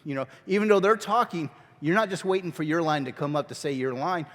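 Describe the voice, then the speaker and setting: A man with a slightly high voice gives a relaxed, joking drama lesson to a group. His sentences break off and restart as he coaches. Long reverb from a big hall trails behind his words. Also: quick pace. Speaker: drama teacher. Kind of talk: casual workshop instruction. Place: church hall.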